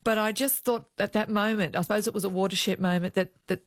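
A middle-aged Australian woman who used to be a police officer tells animated anecdotes in an interview, acting out the voices of the people in them. Her voice is mid-range, she talks fast, and there's no echo.

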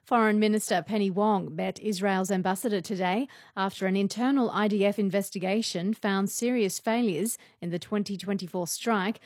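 A woman reading the news in a measured, formal way. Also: mid-range voice, darkish tone, no echo, clean studio sound. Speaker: newsreader. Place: radio studio.

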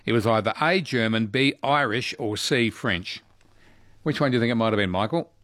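A man's voice: mid-range voice, normal speed, fairly bright tone, no room sound, studio quality. A man hosting a radio quiz, chatting casually and laughing easily with callers.

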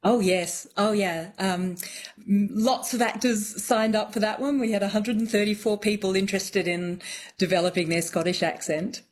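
A woman answering interview questions about accents and dialects in a thoughtful, explanatory way, often pausing on fillers. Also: medium pitch. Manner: thoughtful, many fillers and restarts.

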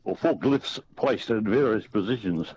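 Polite caller on a dull phone line. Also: male voice, on the low side, animated, normal speed, background noise. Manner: polite, hesitant.

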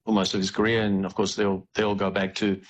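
A man with a lowish voice, chatting about sport as a guest. He talks haltingly, full of fillers and restarts, over a faint low rumble. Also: little pitch movement, poor audio. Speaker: guest commentator on Spanish football. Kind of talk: casual radio-style chat.

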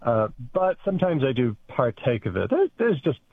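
Man, linguist guest, wry and measured, lively pitch, tinny phone line. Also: gravelly, slightly rough, dry recording. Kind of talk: conversational radio interview.

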